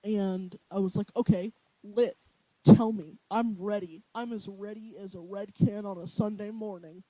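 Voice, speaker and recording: A young co-host on a podcast, telling stories in an animated way and laughing often. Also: medium pitch, a little slow, no room sound, low-quality recording. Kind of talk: casual chat.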